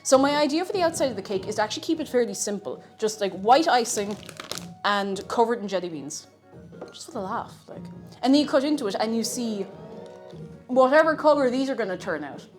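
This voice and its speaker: A woman's voice: fairly high pitch, lively intonation, fairly quick, soft background music. A woman chatting to her viewers in a casual, self-mocking way while she bakes in her kitchen. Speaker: streamer. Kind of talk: live-stream baking chat. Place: home kitchen.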